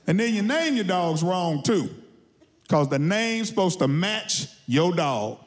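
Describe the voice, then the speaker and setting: A man from Texas doing a stand-up comedy set on stage, telling stories with animated shouted punchlines. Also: sits high, a little slow, crowd noise, noisy background. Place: studio stage with a live audience.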